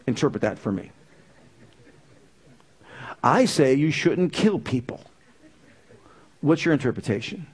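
A man's voice: mid-range voice, sing-song, measured pace, long pauses, breathy edge. A man preaching a sermon, emphatic and full of rhetorical questions.

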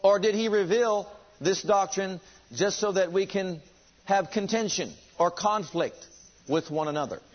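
A man's voice: high voice, a little slow, highs cut off. A man preaching a sermon, driving his points home with rhetorical questions and emphatic repetition.

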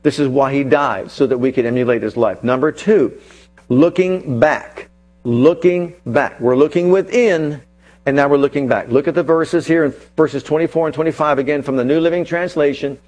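A man preaching a sermon as pastor, retelling scripture with dramatic storytelling and slowing down for emphasis. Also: medium pitch, a little mellow.

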